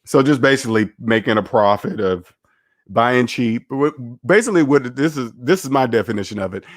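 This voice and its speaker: A man's voice: mid-range voice, lively intonation, brisk, no echo, studio quality. A man hosting a finance livestream, rambling and candid as he reads the chat aloud and chats casually.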